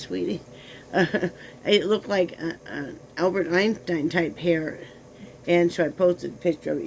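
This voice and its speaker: A woman with a gravelly edge talks casually at home to her viewers, drifting into cooing baby talk for her little dog. Her pitch sits in a middle range, and faint room noise is heard behind her. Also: darkish tone, poor audio. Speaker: vlogger.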